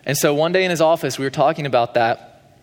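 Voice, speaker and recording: A man's voice: on the high side, fast talker. A young man giving a sermon as pastor in a church, preaching in a conversational way with frequent fillers. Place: church sanctuary. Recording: long hall reverb.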